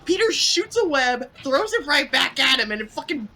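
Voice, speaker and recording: Co-hosting a game stream, this man chats casually in a very high-pitched voice at normal speed, with a little hiss or hum in the audio. He tells stories with lots of energy, animated throughout, and laughs often.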